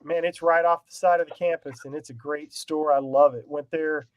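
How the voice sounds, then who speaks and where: A man's voice: fairly high pitch, steady tone, moderate pace, no room sound, rough recording. A man co-hosting a casual podcast chat, rambling and self-deprecating, laughing often. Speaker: podcast co-host.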